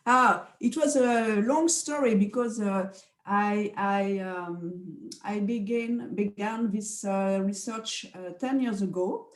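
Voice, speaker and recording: A woman with a French accent, a guest speaking English in an interview, hesitant with many fillers and soft laughs. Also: medium pitch, slow pace, echoey room. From France. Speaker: guest psychoanalyst and researcher.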